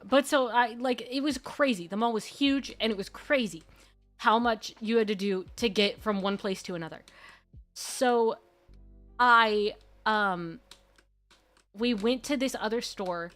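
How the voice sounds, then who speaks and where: A woman streamer chatting casually, gushing and rambling excitably. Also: a little high. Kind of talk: casual live-stream chat. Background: faint background music.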